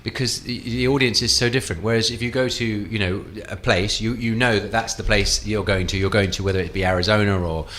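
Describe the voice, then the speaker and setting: A British man from England, a comedian being interviewed on radio, who talks in halting starts and repeats himself. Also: on the low side, fairly even intonation, fairly bright tone. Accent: British English. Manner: hesitant, restarts and repeats words. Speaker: guest comedian and ventriloquist. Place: radio studio.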